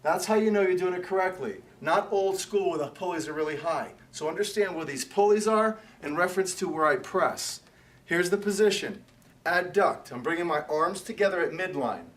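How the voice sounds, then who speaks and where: A man's voice: high voice, normal speed, recorded from a distance. Male personal trainer, barks counts and brief cues, recorded away from the mic in an echoey gym. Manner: counts reps out loud and gives short commands. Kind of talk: workout coaching.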